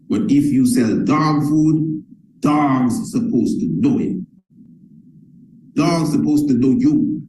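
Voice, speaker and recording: Man, motivational sales coach, mellow emphatic voice, repetitive delivery, echoey room. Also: mid-range voice. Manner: emphatic and repetitive, addresses listeners as family.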